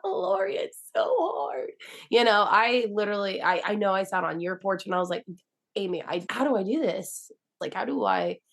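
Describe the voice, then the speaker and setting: A woman's voice: medium pitch, vocal fry. A young woman, a DJ, chatting as a guest and telling her story emotionally, acting out the dialogue she quotes. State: teary-eyed. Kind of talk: casual interview chat.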